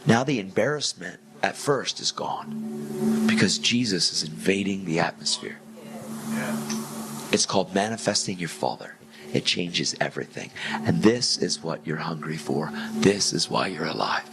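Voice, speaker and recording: A man giving a casual faith testimony, telling it as a relaxed, slangy story full of "like", "man" and "dude". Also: deep voice, a little slow, creaky. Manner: laid-back slangy talk with "like", "man" and "dude". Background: music.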